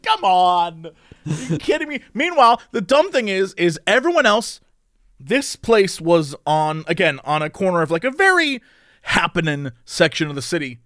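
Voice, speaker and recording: A man's voice: high-pitched, no room sound, clean studio sound. A man telling a long story in casual chat, laughing often and acting out the people in it. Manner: animated, laughing often, mimics others in the story.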